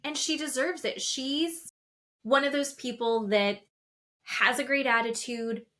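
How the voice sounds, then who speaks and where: A woman's voice: sits high, measured pace, sharp tone. A woman co-hosting a podcast, chatting casually and retelling reality TV scenes with lots of quoted asides. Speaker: podcast co-host. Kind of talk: casual chat. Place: office.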